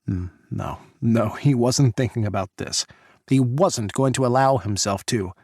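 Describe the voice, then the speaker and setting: Male audiobook narrator, gravelly texture, dry close-miked sound. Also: medium pitch, measured pace, a little mellow, no room sound.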